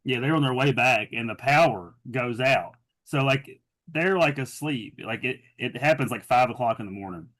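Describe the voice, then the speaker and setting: A man's voice: mid-range voice, moderate pace, fairly bright tone. Man telling a story on a podcast. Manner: rambling, lots of "like" fillers. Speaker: podcast co-host. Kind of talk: casual storytelling chat.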